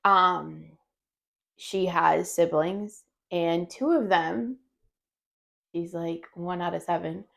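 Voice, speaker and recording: A woman's voice: fairly low pitch, slow, vocal fry, long pauses. A woman co-hosting a podcast, telling a story in casual chat, blunt and profane, and laughing often. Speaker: podcast co-host.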